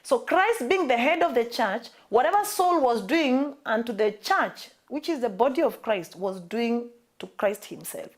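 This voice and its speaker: A Kenyan woman preaching to her church, pressing each point and saying important phrases twice. Her voice sits a little higher than most women's, and she swings between strong, raised stresses and softer, dropped endings. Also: animated, a little slow, hardly any pauses. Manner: emphatic, repeats key phrases. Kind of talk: sermon.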